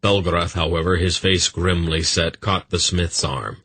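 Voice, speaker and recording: A man reads a dark fantasy audiobook with intense, dramatic storytelling. His voice is very deep, with a forceful, husky edge, and the recording is dry and close. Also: normal speed, dry recording. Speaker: audiobook narrator.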